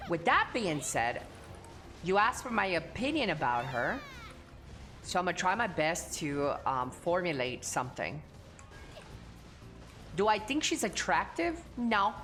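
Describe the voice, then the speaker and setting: A woman's voice: on the low side, sing-song, unhurried, pauses often, fairly bright tone, faint music behind. A young adult woman streaming live, chatting casually and answering chat bluntly, with frequent swearing. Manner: blunt and profane, reading chat aloud and answering.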